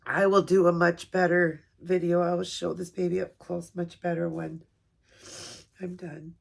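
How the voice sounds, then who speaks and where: Gravelly, husky woman gushing on camera. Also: fairly low pitch, flat delivery, unhurried. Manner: gushing, soft-spoken, emotional. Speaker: vlogger. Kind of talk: unboxing video. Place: at home. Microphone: camera set up nearby.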